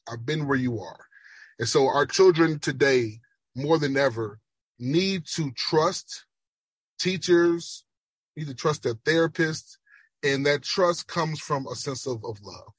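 A man from Chicago with a slight Jamaican-influenced accent, a speech pathologist giving earnest, emphatic interview answers that slow down for emphasis. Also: fairly high pitch, husky, dry recording. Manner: emphatic, measured, slows for emphasis. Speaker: speech language pathologist guest.

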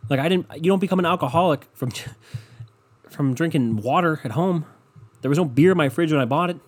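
A man with a husky, slightly high voice rants into a desk microphone. He is sarcastic and swears freely, and his delivery swings between loud outbursts and low muttering. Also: brisk. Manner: ranting, profane, sarcastic, swings loud and soft. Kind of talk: casual rant monologue.

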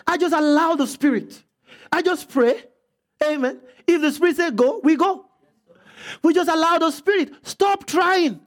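A pastor preaching an emphatic sermon who repeats phrases and breaks into bursts of shouting. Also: high-pitched, expressive, unhurried.

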